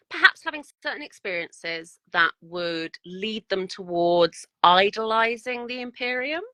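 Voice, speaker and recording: A woman's voice: mid-range voice, bright, forceful tone, dry recording, low-quality recording. A woman, a guest miniature painter, chatting bluntly and frankly on a podcast and swearing freely. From United Kingdom. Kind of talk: casual podcast chat.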